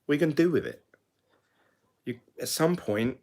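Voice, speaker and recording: A man's voice: medium pitch, sing-song, moderate pace, a little mellow. A middle-aged man from the UK, talking to camera in a chatty, rambling way that often corrects itself. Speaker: crypto vlogger. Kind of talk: casual monologue to camera.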